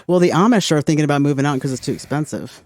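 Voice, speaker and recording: A man's voice: a little high, animated, rapid-fire, a little mellow, dry recording. Easygoing man laughing through a podcast chat. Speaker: podcast guest. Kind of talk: casual chat.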